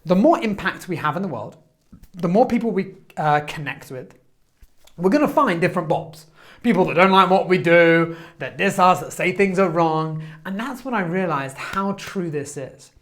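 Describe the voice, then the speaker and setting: Male motivational speaker, lively storyteller, quick delivery, acts out quotes. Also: high-pitched.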